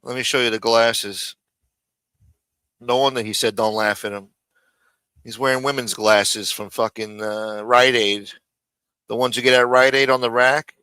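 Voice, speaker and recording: Stream host, male, profane and mocking, forceful dry delivery. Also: medium pitch, steady tone, measured pace, pauses often, clear, resonant tone, dry recording. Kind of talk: live stream reaction commentary. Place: home studio.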